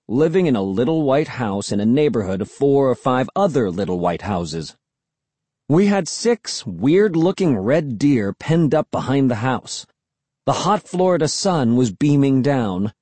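A man's voice: mid-range voice, warm tone, dry recording. A man narrating a children's story in the first person, expressively and close to the mic. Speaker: audiobook reader.

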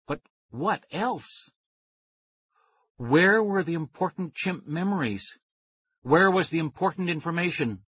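A man narrating a children's story in first person, his delivery lively and full of rises and falls. His voice runs fairly high with a husky grain. It is a dry, somewhat dull lo-fi recording. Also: a little slow, long pauses, no echo. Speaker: audiobook reader.

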